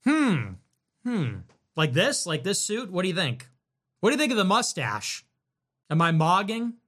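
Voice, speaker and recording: This is a man hosting a livestream who reacts to viewer messages with sarcastic, rambling commentary and frequent laughs. His voice sits slightly higher than most men's. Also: sing-song, measured pace, a bit bright. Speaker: livestream host.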